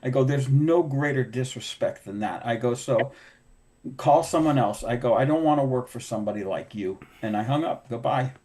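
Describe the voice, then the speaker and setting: A man's voice: mid-range voice, moderate pace. Middle-aged man telling shop stories. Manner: animated storyteller acting out dialogue. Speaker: podcast host, window cleaner. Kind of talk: casual storytelling chat.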